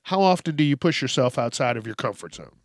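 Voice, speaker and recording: A man's voice: medium pitch, animated, quick pace, no echo, clean studio sound. A man hosting a solo podcast, joking and cursing often as he talks through listener questions. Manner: profane, joking, laughs often. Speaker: podcast host.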